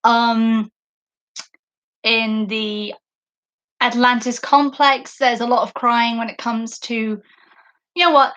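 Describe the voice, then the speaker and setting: A woman's voice: fairly high pitch, fairly bright tone, dull audio. A woman podcast host in a casual livestream book discussion, talking effusively and emotionally, often laughing and using fillers.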